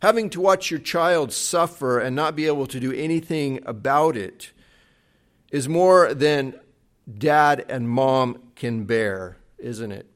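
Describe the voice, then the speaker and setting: A man preaching a sermon, retelling a Bible story with dramatic swings between loud acted quotes and soft, hushed passages. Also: mid-range voice, slow pace. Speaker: pastor.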